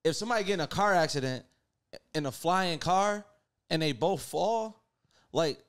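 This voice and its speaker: A young man co-hosting a podcast in casual chat, laid-back and joking, quick to push back on a caller. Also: on the high side, animated, clear, resonant tone. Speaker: podcast co-host.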